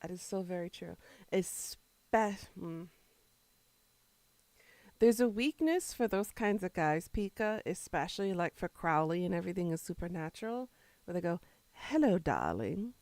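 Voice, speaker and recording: Woman, streamer, chatty and rambling, fairly low voice, dry close sound. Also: moderate pace, pauses often, darkish tone, no echo. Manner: chatty, rambling, answers chat while eating. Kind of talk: casual chat with stream viewers.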